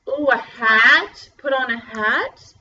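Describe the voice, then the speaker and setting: Young teacher lady on a video call, high bright voice, slow and bubbly with the kids, kinda muffled audio. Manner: bubbly, spells words out slowly for kids. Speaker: first grade teacher. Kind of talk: online class lesson.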